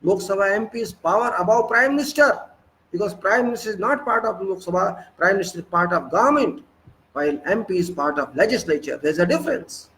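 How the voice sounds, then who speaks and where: A man's voice: high voice, lively intonation, a little fast, a bit bright, poor audio. A man with an Indian English accent giving an impassioned lecture, scolding and firing rhetorical questions at his listeners. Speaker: political speaker.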